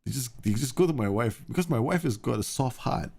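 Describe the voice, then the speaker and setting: A man's voice: mid-range voice, expressive, fairly quick, gravelly, a little mellow, slightly rough. A man in his thirties, a game streamer, chatting casually and rambling animatedly through a live stream.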